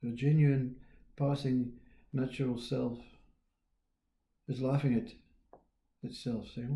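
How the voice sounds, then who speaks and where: A man giving a reflective spiritual talk, musing in an unhurried way, trailing off and restarting, with quiet chuckles. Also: mid-range voice, flat delivery, reverberant. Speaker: spiritual teacher.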